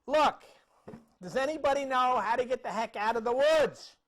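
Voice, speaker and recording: A man voicing a vain, handsome young man who is lost in the woods and shouts impatiently as he grows angrier. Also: extremely high pitch, normal speed, pitched above the performer's own voice. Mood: exasperated. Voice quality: shouting, exasperated.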